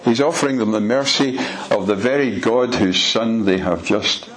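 Preacher with pointed questions. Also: male voice, on the low side, normal speed, a bit bright, poor audio. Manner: emphatic, with pointed rhetorical questions. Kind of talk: sermon.

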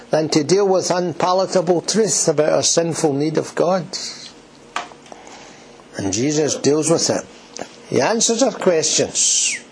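Male preacher, somewhat high voice, earnest and emphatic sermon delivery in a church, light background noise. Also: rough recording. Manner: earnest, repeats key words, asks the congregation rhetorical questions.

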